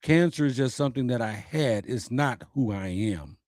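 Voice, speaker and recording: A man's voice: mid-range voice, lively intonation, moderate pace, a little mellow, dry recording. A man hosting his own show, delivering a personal, uplifting message in an earnest, preacher-like way with repeated phrases.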